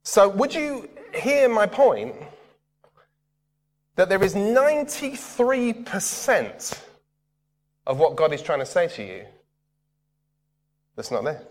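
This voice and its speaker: A man preaches slowly in a high voice with big pitch swings, leaving long pauses. He keeps the tone conversational and often asks the crowd questions. He's recorded in a large hall.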